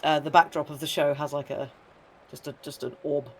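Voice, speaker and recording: Lively, higher-voiced man chatting casually. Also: brisk, creaky, slight background noise. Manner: animated storyteller who acts out quoted people. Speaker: co-host and trumpet player. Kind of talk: casual chat on a live stream.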